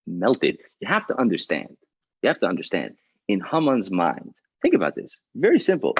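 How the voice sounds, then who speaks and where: In a muffled lo-fi recording with no echo, a man with a fairly low, breathy-edged voice speaks at a moderate pace and very animatedly. He's a rabbi giving a dramatic Torah class, explaining the text and then performing the story.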